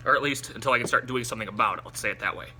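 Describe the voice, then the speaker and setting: A man filming himself through a spicy food challenge, teary and runny-nosed, talking in halting bursts broken by gasps and exclamations. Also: medium pitch, sharp tone. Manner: halting, breathless exclamations between short remarks. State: eyes watering, nose running, in pain from spice. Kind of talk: casual on-camera commentary.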